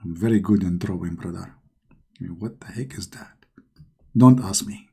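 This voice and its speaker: A middle-aged man talks through a scoffing monologue, heavy with sarcasm and loose, non-native grammar. His voice sits low in brightness, mellow and a little husky. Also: moderate pace. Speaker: online commentator. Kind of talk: mocking religious-critique monologue.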